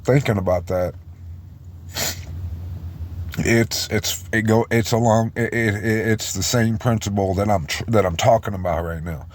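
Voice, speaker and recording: A man giving an informal sermon, choked up and halting, often restarting his words. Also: lowish voice. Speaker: preacher.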